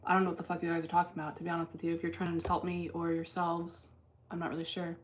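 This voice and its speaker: A woman hosting a casual livestream, reading chat aloud while day trading, blunt and deadpan with plenty of profanity. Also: on the low side, rapid-fire.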